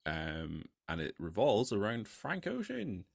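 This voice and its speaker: A man hosting a podcast, calmly explaining the rules of a game in a measured way. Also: fairly low pitch, creaky. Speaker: podcast host. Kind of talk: casual chat.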